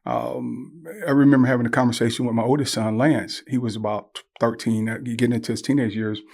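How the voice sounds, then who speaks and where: An older man, a guest on a podcast interview, telling animated stories and acting out the voices he quotes. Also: mid-range voice, fairly quick, creaky. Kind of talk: conversational interview.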